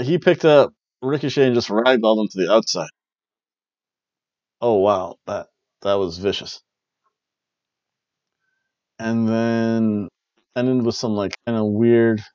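A man's voice: medium pitch, no echo, muffled recording. A man hosting a casual wrestling review, rambling and joking as he recaps matches. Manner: rambling, jokey, repeats catchphrases.

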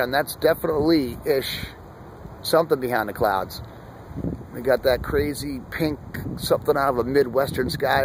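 A man filming the sky outdoors on his phone, rambling excitedly in a loose, off-the-cuff vlog and calling himself by his channel nickname. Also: medium pitch. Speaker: vlogger. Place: outdoors under an open sky. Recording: wind noise on the mic.

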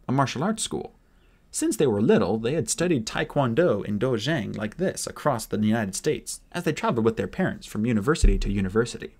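A husky male narrator reads a fantasy novel aloud, reading in a casual, amateur style. His pitch swings in a lively way through each sentence. He voices the characters with energy. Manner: expressive, animated reading with voices. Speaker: audiobook narrator.

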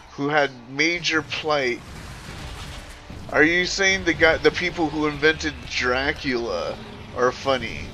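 A man streaming, ranting casually to his chat in an animated, profane, rambling way with frequent self-corrections. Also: on the high side, slight background noise.

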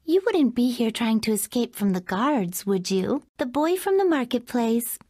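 A woman's voice: on the high side, sing-song, moderate pace, darkish tone, no echo. A woman voicing a spirited young princess in a video game, polite, sweet and lightly teasing, recorded in a dry studio. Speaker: game character voice. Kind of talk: game voice clips.

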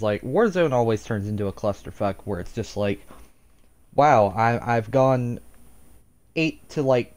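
A man's voice: medium pitch, a little mellow. Rambling, profane man narrating his gameplay. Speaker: gaming streamer. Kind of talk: live gameplay commentary.

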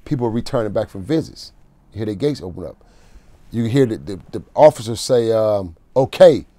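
A man guest in an interview, telling a gritty jail story in casual street slang, often going quiet. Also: lively intonation, a little fast. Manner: street slang, emotional prison storytelling, drops to a low murmur.

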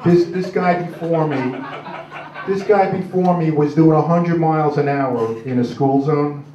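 A man in his 60s with a fairly high, dark-toned voice performs a crude, rambling stand-up set on a club stage at a measured pace. Gruff and full of "uh"s, he's captured in a roomy, distant, dull club recording.

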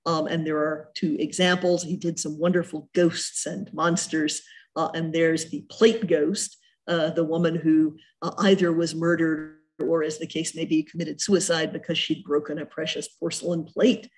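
A woman's voice: deep voice, little pitch movement, moderate pace. A middle-aged woman giving an art history lecture as a museum curator, chatty and full of ums and self-corrections.

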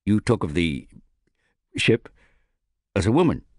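A man voicing a courteous, earnest young bowman who speaks formally and calmly in an audiobook. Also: on the low side, unhurried, dry recording, studio quality, voice pushed up. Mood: polite.

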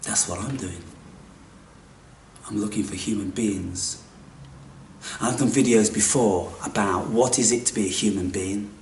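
A man's voice: fairly low pitch, measured pace, long pauses, a little hiss or hum. Theatrical man in an echoey room. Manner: dramatic, swings from hushed whispers to loud outbursts. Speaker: spiritual video maker. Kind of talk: theatrical spiritual monologue. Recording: echoey room, distant mic.

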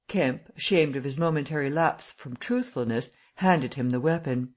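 A man reading a classic novel aloud as an audiobook narrator, in a steady, measured way. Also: mid-range voice. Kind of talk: scripted narration.

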